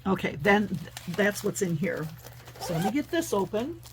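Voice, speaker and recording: A woman's voice: mid-range voice, sing-song, moderate pace, slight background noise. Chatty woman showing off her crafts. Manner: chatty, thinks aloud with many fillers. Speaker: paper crafting host. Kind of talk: casual craft show-and-tell.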